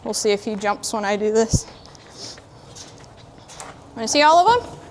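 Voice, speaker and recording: A woman horse trainer in a sandy arena, calmly explaining while she works a young horse and talks to it. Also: on the high side, normal speed, a little hiss or hum. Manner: calm, plainspoken, talks to the horse in between. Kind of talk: training demonstration.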